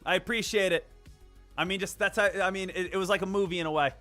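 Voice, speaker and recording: A man's voice: high voice, fast, faint music behind. A man hosting a live day trading stream, talking casually and rambling with lots of fillers. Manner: rambling, animated, many fillers.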